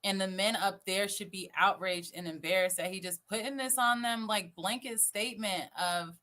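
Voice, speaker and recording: A woman's voice: mid-range voice, moderate pace, pushed and bright. A woman hosting a casual reaction chat, blunt and sarcastic, swearing freely. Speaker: host reacting to clips.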